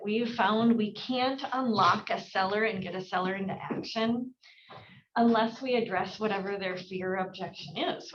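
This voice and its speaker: Woman sales trainer, higher register, lively coaching delivery, dull lo-fi sound. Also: background noise. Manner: energetic, acts out client dialogue with shifted inflection. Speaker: real estate sales coach. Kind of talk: team training talk.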